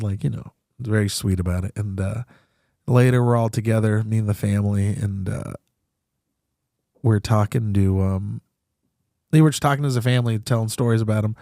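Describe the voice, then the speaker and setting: A man's voice: on the low side, fairly even intonation, normal speed, dark tone, dry recording, studio quality. A young man, a comedian and podcast host, talking candidly and profanely about grief, rambling and laughing through it. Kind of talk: candid casual talk.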